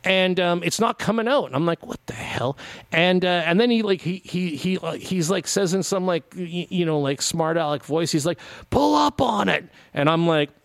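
A man's voice: high-pitched, moderate pace, few pauses, dry recording. A middle-aged man hosting a radio show, telling a rambling story and acting out both sides of the conversation, full of "like" and restarts. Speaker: radio host. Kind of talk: casual storytelling on community radio.

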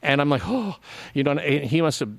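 Speaking fast in a slightly high, gravelly voice, a middle-aged radio host rambles casually through a story on community radio. He voices both sides of the conversation, saying "like" constantly and restarting often, with no room sound at all.

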